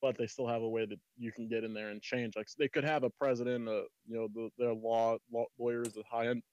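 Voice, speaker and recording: A man talks fast and at length, piling up points with emphatic, rambling energy. His mic sounds dry and dull, with little room around it. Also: mid-range voice, little pitch movement, a little mellow, no echo. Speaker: panel guest. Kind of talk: casual debate chat.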